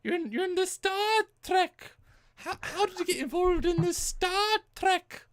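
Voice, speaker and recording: A man putting on a goofy male character with a muddled fake accent, chattering in a very high voice. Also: animated, a little slow, no echo, clean studio sound. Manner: bouncy, greeting and chattering in a very high voice.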